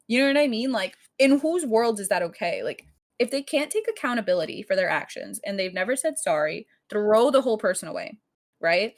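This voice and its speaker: A young woman co-hosting a podcast, telling a story in casual chat, full of fillers and cursing, acting out quoted lines loudly. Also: fairly high pitch, a little fast. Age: young adult. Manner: animated storytelling, heavy filler "like", frequent cursing; acts out quoted lines in raised louder voice. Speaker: podcast co-host.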